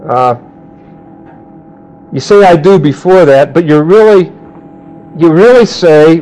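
Male Bible teacher, slightly high voice, unhurried delivery, leads class discussion and draws answers from the room. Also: warm tone, low-quality recording. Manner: questioning the class, calling on students by name; slows down to quote verses. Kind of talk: interactive Bible class lecture.

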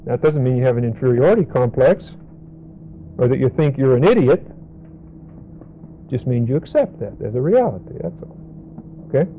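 A man's voice: medium pitch, lively intonation, normal speed, long pauses, lo-fi sound, a little hiss or hum. A man teaching a Bible lesson as a pastor, speaking in a blunt, emphatic way. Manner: emphatic, direct, blunt warnings.

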